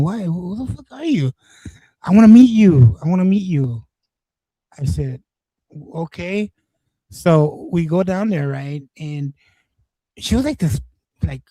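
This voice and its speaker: A man's voice: a little high, mellow, husky, dry recording, rough recording. Rambling foul-mouthed man, dry close voice. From East Los Angeles. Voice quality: profane, rambling, many restarts. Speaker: streamer. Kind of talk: casual storytelling chat.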